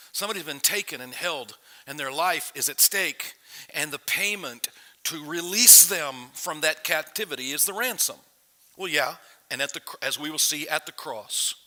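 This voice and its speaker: A man preaching a sermon in a casual, conversational way, restarting phrases and swinging from loud emphasis to quiet asides. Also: a little high. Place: church sanctuary. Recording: long reverb of a church hall.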